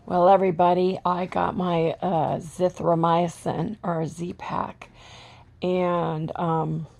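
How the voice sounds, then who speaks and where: A woman's voice: fairly low pitch, little pitch movement, slow, gravelly, a little mellow. A woman vlogger who is losing her voice, chatting casually to her viewers about her day. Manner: chatty, keeps addressing viewers as folks. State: losing her voice, sore throat. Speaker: keto vlogger. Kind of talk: casual video diary.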